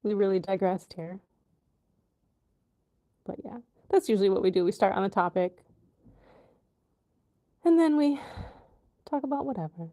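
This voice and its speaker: A woman's voice: medium pitch, animated, dark tone. A woman hosting a casual livestream, reading out comments, laughing often and drifting from topic to topic. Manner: slow, laughing, drifts between topics and jokey accents. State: wheezing at times. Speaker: livestream host.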